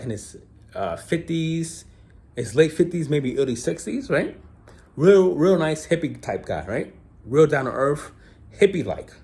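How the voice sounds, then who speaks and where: Animated man telling a story to camera. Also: medium pitch. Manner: animated, repeats "right?" often, dramatic retelling. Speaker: vlogger. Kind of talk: casual storytelling monologue.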